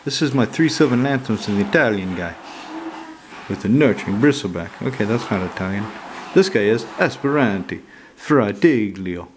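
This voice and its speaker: A man's voice: fairly low pitch, lively intonation, normal speed. A man casually thinking aloud as he opens his card mail at home, rambling and swearing now and then. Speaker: channel host opening card mail. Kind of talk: casual unboxing chat. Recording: noisy room with running water.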